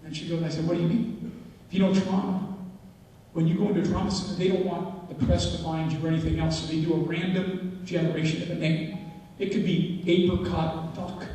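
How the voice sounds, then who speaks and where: A middle-aged father giving an emotional, halting personal testimony to a school assembly. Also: fairly high pitch, dark tone, a little hiss or hum. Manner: emotional, halting, with repeated phrases. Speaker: father giving a talk to students. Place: large indoor hall, school assembly. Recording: echoey hall from far off.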